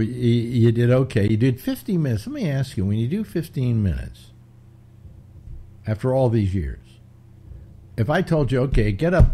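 A man's voice: mid-range voice, dark tone, slightly rough. An older man hosting a casual chat, rambling through stories with many restarts. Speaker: host.

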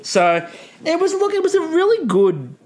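A man's voice: very high-pitched, wildly swooping pitch, moderate pace. A man with an Australian accent, co-hosting a podcast in casual, joking chat. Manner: chatty, joking, swears casually. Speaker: podcast co-host.

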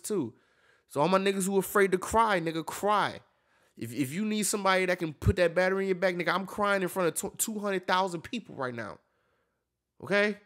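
A man's voice: a little high, fairly bright tone. Earnest, slangy man reacting on camera. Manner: emphatic, earnest, heavy slang and swearing. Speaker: reaction video host. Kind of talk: casual reaction commentary.

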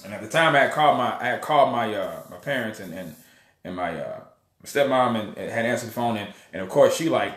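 A man telling a personal story in a casual, animated way, often acting out the voices of others. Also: medium pitch, fairly quick, roomy sound. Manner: animated storyteller, acts out voices, many restarts. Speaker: online preacher and channel host.

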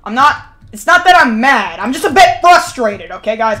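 This gaming streamer, fairly high-pitched with lively intonation at a moderate pace, shouts at game characters, mutters to her chat, and keeps repeating the same lines. Background noise is audible.

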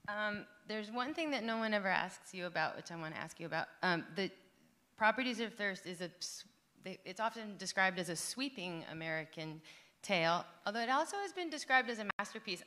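Teasing woman interviewer with a bright voice. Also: mid-range voice, lively intonation, a little fast. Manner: affectionate, teasing. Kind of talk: onstage festival conversation.

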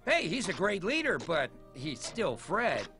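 Brief: high-pitched, theatrical soldier, lively delivery over music. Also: male voice, measured pace, heavily acted. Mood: devoted. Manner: theatrical, overwrought. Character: melodramatic male foot soldier, gloomy then zealous. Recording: game audio over soundtrack.

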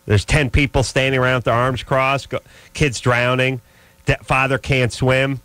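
A man's voice: mid-range voice, level tone, normal speed, fairly bright tone, no echo. A man hosting a late-night call-in radio show, ranting sarcastically with many restarts.

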